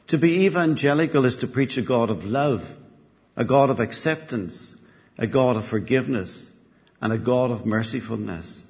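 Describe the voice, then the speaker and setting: A man preaches in a church, his voice carrying a long reverb through the hall. He builds his points with rhythmic repetition and tells stories with lively energy. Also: mid-range voice. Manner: animated storytelling, building repetition. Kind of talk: sermon with a joke.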